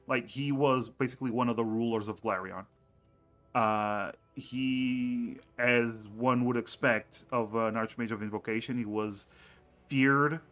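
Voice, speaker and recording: A man acting as game master, explaining campaign lore in a halting way, with many fillers and restarts. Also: mid-range voice, a bit bright.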